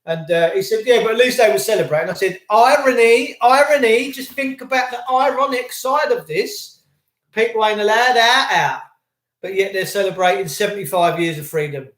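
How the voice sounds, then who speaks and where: Sarcastic high-voiced man ranting. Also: brisk, a bit bright, reverberant. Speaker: livestream host. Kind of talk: ranting livestream commentary reading chat.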